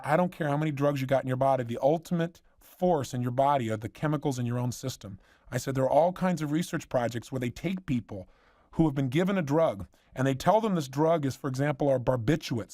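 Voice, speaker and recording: High-voiced, emphatic motivational speaker man. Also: darkish tone, no room sound, clean studio sound. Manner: emphatic storyteller, retelling conversations. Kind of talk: motivational seminar talk.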